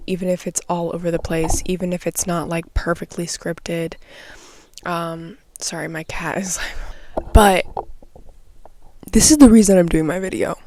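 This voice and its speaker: Swearing often, a young vlogger and artist delivers a heated, rambling unscripted morning rant directly to the camera from a little nook at home. Her voice is fairly low and a little mellow.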